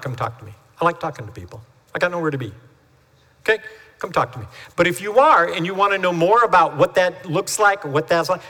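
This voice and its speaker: Bright-voiced pastor in a reverberant hall. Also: male voice, a little high. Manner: chatty storytelling with lively acted-out quotes. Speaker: family pastor. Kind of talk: sermon. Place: church sanctuary. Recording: long hall reverb from a church sanctuary.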